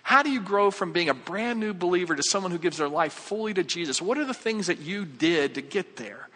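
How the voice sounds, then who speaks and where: Male pastor, chatty jokey sermon, bright fairly high voice, hall reverb. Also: animated, brisk. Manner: conversational, jokey, acts out quoted voices. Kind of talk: sermon with acted-out story.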